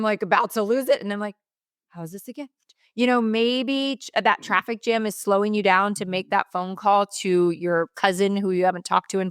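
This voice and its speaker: Middle-aged lady coach on a podcast, punchy motivational talk, dry mic, middling pitch. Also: fairly bright tone, smooth, no echo. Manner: emphatic, motivational. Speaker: guest, mindset coach. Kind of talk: podcast interview.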